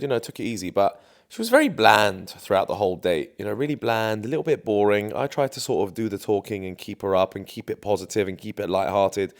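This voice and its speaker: A young man telling a dating story to camera in a chatty, confident way, full of fillers. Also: lowish voice. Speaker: dating coach.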